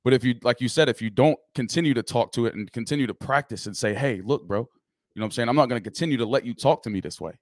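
A man's voice: medium pitch, no room sound, studio quality. A man hosting a podcast, asking questions in a casual, slangy way full of fillers. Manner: casual, fast, slangy fillers like "you know what I'm saying". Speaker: podcast host.

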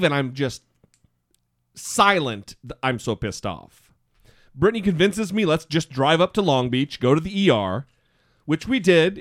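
Podcast co-host, male, hoarse, animated and profane, dry close mic. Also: mid-range voice, no room sound. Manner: animated storytelling, swearing freely. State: hoarse voice from a throat illness. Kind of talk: casual chat.

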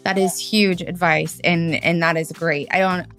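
A woman's voice: fairly low pitch, steady tone, normal speed, a bit bright, faint music behind. A woman hosting a podcast, chatting in an enthusiastic, talkative way with many fillers. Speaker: podcast host. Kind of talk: casual interview chat.

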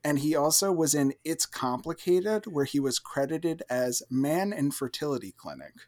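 A man's voice: on the high side, animated, normal speed, a little mellow. A man in a casual podcast chat, telling a jokey aside.

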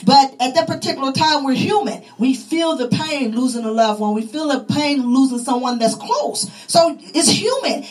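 A woman's voice: sits high, expressive, moderate pace, hardly any pauses, faint music behind, low-quality recording. A woman preaching a sermon, fervent and repetitive, her voice rising and falling with emphasis.

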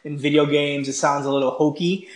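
Higher-voiced man, echoey podcast chat. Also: steady tone, brisk. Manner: earnest, calls his partner "bro". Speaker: podcast co-host. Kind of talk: casual chat.

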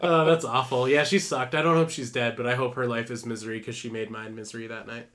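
A man's voice: medium pitch, fairly even intonation, quick pace, fairly bright tone. A young man hosting a podcast in casual chat, telling rambling stories with frequent laughs and fillers. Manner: laughs often, loose storytelling with many fillers. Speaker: podcast host.

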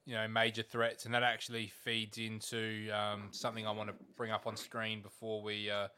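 A man's voice: fairly low pitch, completely flat delivery, normal speed, sharp tone, smooth. A man co-hosting a fantasy football show, prompting and agreeing briefly in casual chat. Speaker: podcast co-host.

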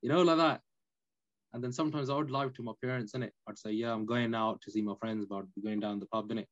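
A man, a podcast guest telling his story in an animated, emphatic casual way. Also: mid-range voice, quick pace, dull audio. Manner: animated, emphatic, peppered with "innit" and "you know".

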